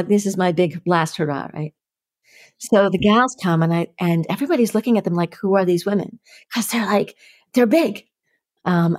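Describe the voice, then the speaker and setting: A middle-aged woman, a podcast guest telling stories with lively energy and acting out the voices in them. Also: fairly low pitch, no room sound, clean studio sound. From New York. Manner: lively, acts out the voices in her stories, laughs often. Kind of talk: animated storytelling.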